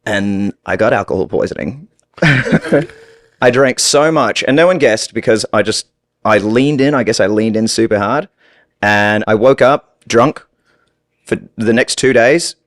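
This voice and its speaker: An American man with an Australian-tinged accent, telling stories as a podcast guest in an animated, laughing way. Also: fairly low pitch, measured pace, dry recording, clean studio sound. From United States. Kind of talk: casual storytelling.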